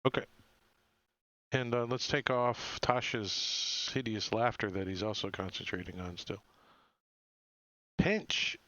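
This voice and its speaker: A man acting as game master of a tabletop game, pausing often to check rules and what the players intend. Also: lowish voice, bright, forceful tone, no echo. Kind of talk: running a tabletop game over voice chat. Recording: dull lo-fi sound.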